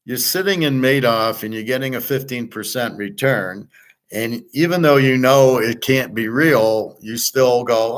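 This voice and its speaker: A man's voice: mid-range voice, unhurried. A man hosting a casual monologue show, talking bluntly and profanely with many restarts and trailing fillers. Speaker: podcast host and betting tipster.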